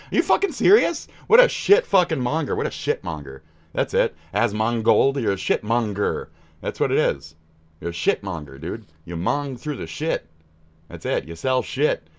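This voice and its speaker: Angry cursing streamer man. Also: lowish voice. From United States. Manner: profane, insulting, often yelling. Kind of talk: angry reaction rant.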